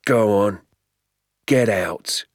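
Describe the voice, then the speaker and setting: A man's voice: lowish voice, very slow, no echo, studio quality. An audiobook reader voicing a hard, menacing male gamekeeper with a threatening, sneering manner. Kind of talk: audiobook character voice.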